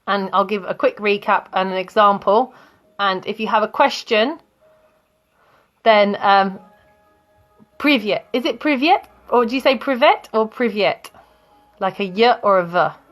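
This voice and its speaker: A woman's voice: mid-range voice, fairly bright tone. A woman teaching English grammar in a live online lesson, chatting with students and laughing often.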